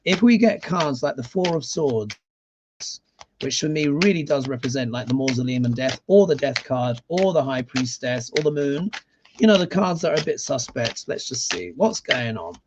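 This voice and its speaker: A man's voice: mid-range voice, lively intonation, normal speed, noisy background. A man giving a live tarot reading in casual, sarcastic talk, often tagging his points with a questioning "yeah?". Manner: sarcastic, emphatic, keeps adding "yeah?" tags. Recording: dull lo-fi sound.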